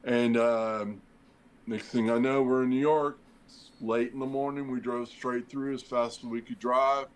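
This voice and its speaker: A man's voice: medium pitch, fairly even intonation, unhurried, clean tone, rough recording. A middle-aged man, a former firefighter and podcast guest, telling a long story in a casual, rambling way, acting out the dialogue with plenty of fillers. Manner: rambling, acts out quoted dialogue, many fillers.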